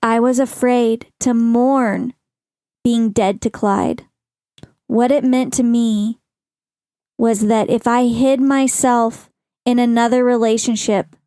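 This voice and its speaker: Middle-aged woman talking real slow and earnest, kinda high voice, reflective podcast monologue. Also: dark tone, clear, resonant tone, no room sound, clean studio sound. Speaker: podcast host. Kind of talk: personal monologue.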